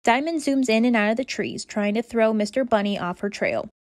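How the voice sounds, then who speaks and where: Expressive woman reading stories to kids. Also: a little high, fairly quick, no room sound, studio quality. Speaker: children's story reader. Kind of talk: read-aloud storytelling.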